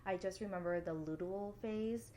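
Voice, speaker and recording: A young woman co-hosting a podcast who speaks softly and agreeably in casual chat, with many fillers. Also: mid-range voice, normal speed, a little hiss or hum. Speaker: podcast co-host.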